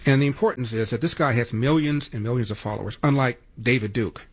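A man's voice: medium pitch, fast talker, slightly rough. A male radio talk show host giving opinionated, sarcastic political commentary and taking calls.

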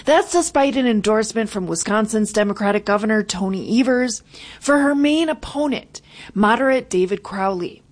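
A woman reporter from a local station reading a scripted news story with clear, brisk delivery. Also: mid-range voice, lively intonation.

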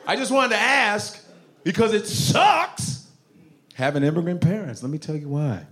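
A man doing a stand-up routine, talking with the crowd loudly and mimicking his parents' voices. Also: fairly high pitch, sing-song, brisk. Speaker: stand-up comedian.

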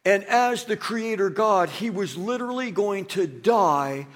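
Male preacher, high husky voice, dramatic sermon delivery with animated asides. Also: unhurried.

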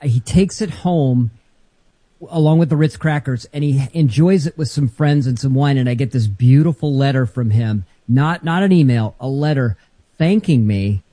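A middle-aged man co-hosting a podcast, telling stories in a relaxed, casual way. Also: medium pitch, no room sound. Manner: relaxed storyteller. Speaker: podcast co-host. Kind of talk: casual chat.

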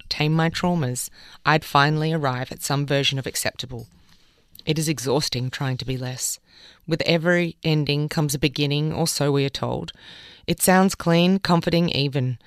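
Female radio presenter; smooth, resonant read in a dry booth. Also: low-pitched, no room sound. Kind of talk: reading newspaper columns on air. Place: radio studio.

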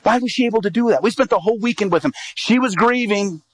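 A man's voice: high voice, fast talker, dry recording, low-quality recording. A man in his thirties, an evangelist, preaching through a personal story and acting out the quoted dialogue. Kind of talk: sermon storytelling.

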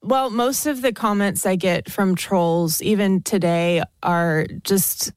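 A woman's voice: medium pitch, slow pace, clean tone, dry recording. A young American woman, a podcast guest, chatting casually with frequent laughs and restarts. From United States. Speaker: podcast guest, content creator.

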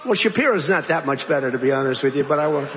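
High-voiced man rambling in a hall. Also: expressive, fast talker, noisy background. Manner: digressive, repetitive, conversational asides. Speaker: politician. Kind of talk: rambling political speech. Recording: reverberant hall, dull lo-fi sound.

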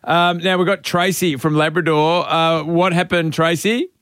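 A man's voice: fairly high pitch, fairly even intonation, moderate pace, fairly bright tone, smooth, no room sound, clean studio sound. A man hosting a radio phone-in, upbeat, laughing easily with callers. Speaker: radio host. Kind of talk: radio show banter.

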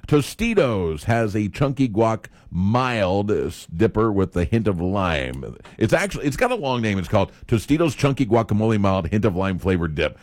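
Guy radio cohost, lowish voice, bouncy and teasing. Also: very animated, normal speed, hardly any pauses, a little mellow, no room sound. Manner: teasing, upbeat, agreeable. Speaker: radio co-host. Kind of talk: casual morning radio banter.

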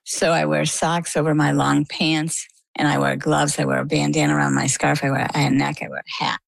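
A middle-aged woman from the United States, telling her story in a lively, conversational way as an interview guest. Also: low-pitched, fairly quick, creaky, dry recording, low-quality recording. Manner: animated, lively retelling.

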